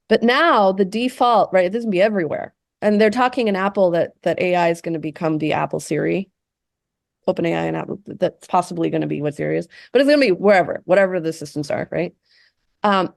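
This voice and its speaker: Female session leader, low gravelly voice, relaxed chatty delivery, dry sound. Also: no echo. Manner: conversational, many fillers and tag questions. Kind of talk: casual talk to a group.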